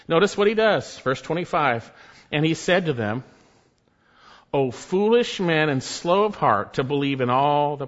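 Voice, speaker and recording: A man preaching a sermon, emphatic, rising to loud exhortations and dropping to low, quiet stresses. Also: muffled recording.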